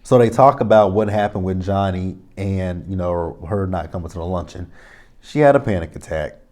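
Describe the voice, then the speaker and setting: Man in his thirties, deep voice, casual rambling vlog talk. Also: moderate pace, darkish tone. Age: 30s. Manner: rambling, self-correcting, retells conversations. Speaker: TV show reviewer. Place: home music studio.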